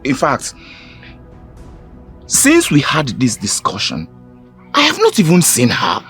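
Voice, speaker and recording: A man's voice: fairly high pitch, wildly swooping pitch, slow, a bit bright, heavily acted. A man playing a pleading Nigerian friend. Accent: Nigerian English. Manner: pleading, defensive. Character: defensive young man, loyal friend. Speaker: accused friend. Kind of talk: Nollywood film acting. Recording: film audio with background music.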